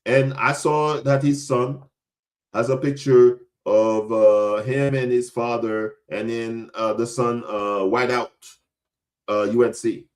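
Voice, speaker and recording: A young man hosts a casual sports talk show, speaking in a middle-pitched voice. He talks in a blunt, emphatic way and hammers his points home by repeating them. He is from Florida. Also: fairly even intonation, slow pace. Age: young adult. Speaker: podcast host.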